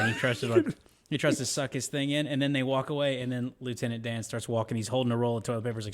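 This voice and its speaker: A man's voice: mid-range voice, steady tone, quick pace. Chatty young man retelling scenes. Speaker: podcast co-host. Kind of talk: casual chat.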